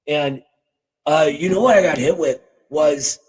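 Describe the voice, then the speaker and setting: Man, show host, casual chat, emphatic and joking, slightly high voice, desk boom mic. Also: normal speed, a little mellow, breathy edge, low-quality recording. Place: home desk. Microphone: boom-arm desk mic.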